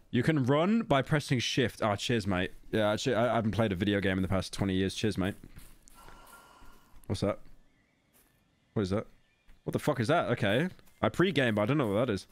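A man's voice: lowish voice, lively intonation, brisk, long pauses. A young British man streaming a game, talking casually to his chat with sarcasm and frequent swearing. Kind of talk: casual gaming commentary.

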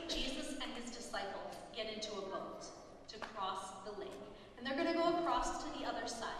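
A woman pastor with a high voice preaches a storytelling sermon and voices the people in her story with lively turns. She is heard from a distance in a large hall with a long, echoing reverb. A faint noise sits under her voice.

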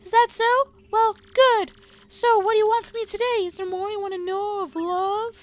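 A woman putting on a sweet, gentle young princess voice for a game, sounding airy and wondering. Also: extremely high pitch, little pitch movement, moderate pace, a little hiss or hum, voice pushed up.

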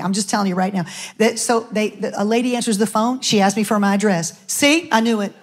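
A woman's voice: medium pitch, fairly quick. A middle-aged woman pastor, preaching a sermon and telling a personal story with chatty asides to the congregation. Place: church sanctuary.

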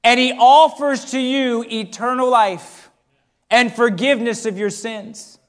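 A middle-aged pastor delivers a sermon in a church, his voice sitting high for a man. He pushes up into emphatic, ringing phrases, then drops into quieter, intimate storytelling. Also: fairly even intonation, a little slow. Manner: preaching with emphatic rises and hushed storytelling.

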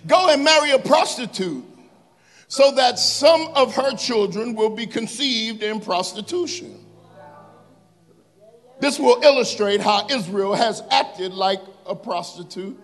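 A male pastor, preaching in church. He reads scripture slowly and with emphasis, and breaks off into joking asides to the congregation. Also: high voice. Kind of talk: sermon. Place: church sanctuary.

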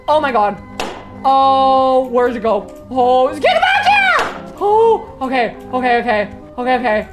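A woman streaming a horror game live, panicking, swearing and shrieking the same exclamations over and over. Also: sits high. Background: game music.

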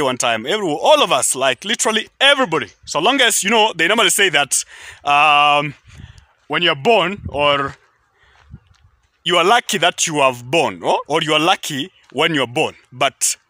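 High bright Kenyan man vlogging. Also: no echo. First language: not English. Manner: chatty, rambling, frequent fillers and restarts. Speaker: YouTube vlogger. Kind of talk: casual chat to camera. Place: outdoors near a highway.

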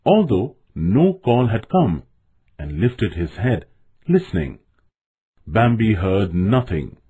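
A man narrating a children's storybook in an expressive, measured way. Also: on the low side, breathy edge.

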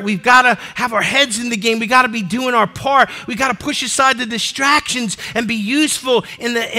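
A middle-aged man preaching with fervor from the pulpit of a church, his voice pitched very high for a man. The tone is sharp and bright, and he pushes into shouted calls to action, then drops back to plain talk with his listeners. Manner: fervent preaching, bursts of shouted exhortation. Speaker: pastor. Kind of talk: sermon. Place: church sanctuary before a congregation.

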